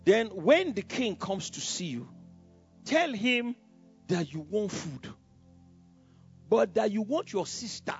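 A man voicing a scheming male friend who calmly coaxes with sly advice, in a Bible story told from the pulpit. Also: high-pitched, takes it slowly, long pauses, full character voice. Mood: coaxing. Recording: dull lo-fi sound with faint music.

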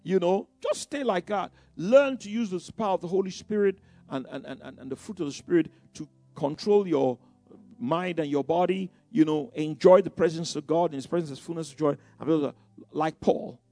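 A man's voice: a little high, fairly quick, gravelly, dark tone, dry recording. A middle-aged man preaching a sermon in a conversational way, with many asides and repeated phrases.

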